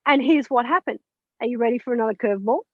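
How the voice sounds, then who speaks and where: Frank and lively, a high-voiced woman who works as a spiritual mentor tells personal stories as a podcast guest, swearing and laughing while she talks. She speaks fast. The recording is dull, dry and lo-fi, with no room sound.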